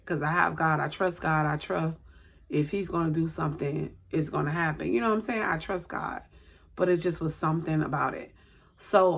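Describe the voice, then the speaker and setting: A woman's voice: lowish voice, gravelly, breathy edge. A woman vlogger telling a personal story in a chatty, rambling way, often correcting herself. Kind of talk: casual storytelling to camera.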